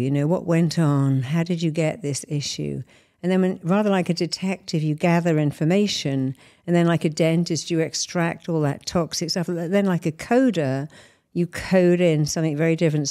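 A woman's voice: deep voice, dark tone. A middle-aged woman therapist answering interview questions, explaining her method through examples and analogies. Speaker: therapist and hypnotist guest.

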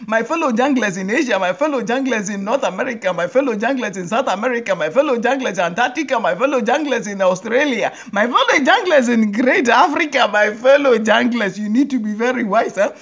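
Laughing woman host, lively pitch. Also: fairly quick, hardly any pauses, husky, highs cut off. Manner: laughs often, repeats phrases for effect; lively, mock-rallying address. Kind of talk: humorous monologue.

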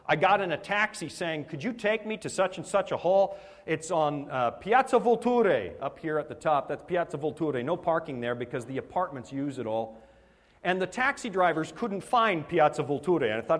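A man's voice: a little high, big pitch swings, brisk. A man preaching a sermon, telling a story with animation and laughing at himself along the way. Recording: hall with long reverb.

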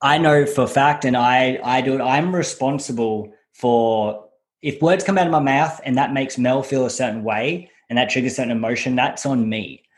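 A man's voice: medium pitch, moderate pace. A man co-hosting a podcast, explaining his views in an earnest way. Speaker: podcast co-host. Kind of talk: casual podcast chat.

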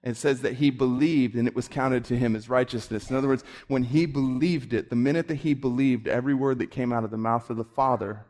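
A man's voice: brisk, few pauses. Man preaching with rising fervor. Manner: builds to high excited bursts when retelling scripture. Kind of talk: sermon.

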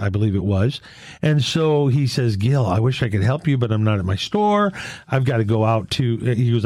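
Earnest man telling a lively faith story. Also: medium pitch, dry recording, clean studio sound. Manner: earnest testimony, retelling dialogue in a lively back-and-forth. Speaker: Catholic men's fellowship leader. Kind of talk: faith-sharing conversation with storytelling.

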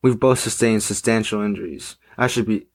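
A man's voice: fairly low pitch, fairly quick, no echo. A man reading a resolute dog warrior.

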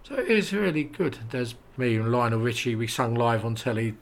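Lively man telling stories. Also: medium pitch, fairly quick. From England. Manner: animated anecdotes with quoted voices and laughs. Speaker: interview guest. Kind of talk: casual storytelling.

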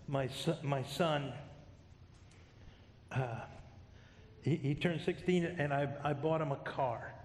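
A middle-aged man preaching a sermon as a pastor, conversational, with self-deprecating humor. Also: mid-range voice. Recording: echoey hall.

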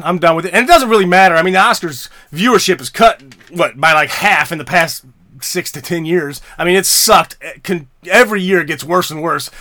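Man, angry solo rant, high voice, bright and tense, profane, stammering. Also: no echo, studio quality. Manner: profane, heated, stammering restarts. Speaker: podcast host.

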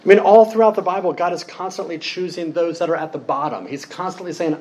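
A pastor preaching a conversational sermon, telling stories informally with joking asides and frequent fillers. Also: male voice, a little high, fast talker, poor audio.

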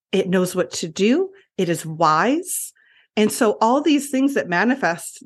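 A woman guest on a podcast interview who speaks as a birth educator, earnest and flowing, with many filler likes. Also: medium pitch.

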